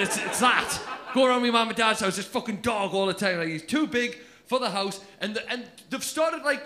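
A man doing live stand-up, brash and sweary, telling stories quickly. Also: high-pitched, pushed and bright, a little hiss or hum. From England. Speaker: stand-up comedian. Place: comedy club stage with laughing audience.

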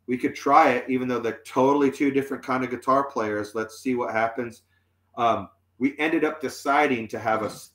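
A mid-range, slightly bright male voice belongs to a musician guest in his forties telling a lengthy story casually. His delivery rambles with many fillers and restarts, and the room echoes noticeably.

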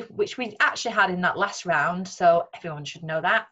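A woman's voice: lowish voice, lively intonation, fairly quick, few pauses, sharp tone, highs cut off. Patient Northern English woman teacher. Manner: clear, patient explaining with frequent "um" and "right". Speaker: secondary school English teacher. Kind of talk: recorded remote lesson talk over slides.

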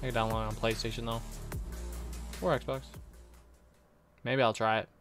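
A man's voice: medium pitch, level tone, a bit bright, faint music behind. A sleepy man streaming a live reaction to a game showcase, thinking aloud and trailing off mid-sentence. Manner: thinks aloud, drowsy and unhurried, trailing off and restarting. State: sleepy, yawning. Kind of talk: casual live reaction commentary.

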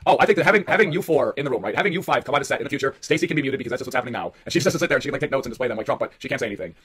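A man's voice: medium pitch, animated, very fast, a bit bright, husky. A man in his forties arguing in a voice chat, combative, profane and boastful. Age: 40s. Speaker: chat room participant. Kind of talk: heated voice chat argument.

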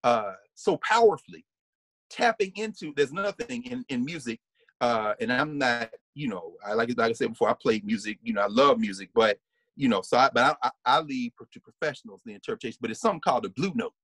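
A man giving an animated, conversational lecture as a guest. He often restarts his sentences and hums or sings short snippets to make his points. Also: medium pitch, a little fast, slightly rough, no room sound.

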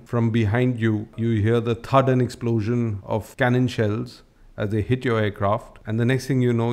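A man's voice: fairly low pitch, a little mellow. Chatty man telling a story. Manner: chatty, many restarts and asides. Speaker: podcast host. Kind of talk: casual storytelling monologue.

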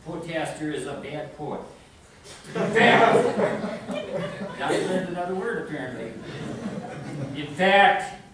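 A man's voice: high-pitched, a little hiss or hum. A man performing his own poem live in a library community room, rhythmic wordplay broken by hesitant asides, picked up from a distance. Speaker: poet. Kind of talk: live poetry recitation. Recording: echoey room heard from far off.

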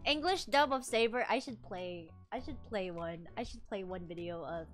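A woman VTuber chatting casually on a livestream, animated and giggly, rambling with lots of fillers. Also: medium pitch, normal speed, faint music behind. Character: princess from another world. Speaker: VTuber streamer.

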